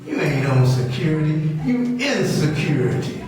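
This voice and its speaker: Fiery high-voiced man preaching in echo. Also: very animated, moderate pace, darkish tone. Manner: scolding, repetitive, confrontational, dialect speech. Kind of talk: fiery sermon rebuke. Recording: very echoey room, distant from mic, faint music.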